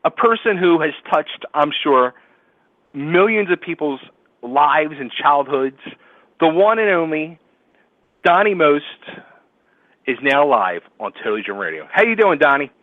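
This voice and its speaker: Male radio host, excitable and animated, tinny phone-line audio, dry close sound. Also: fairly high pitch, measured pace, no echo. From Philadelphia area. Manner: excitable, laughs often, acts out quotes. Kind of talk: casual storytelling chat.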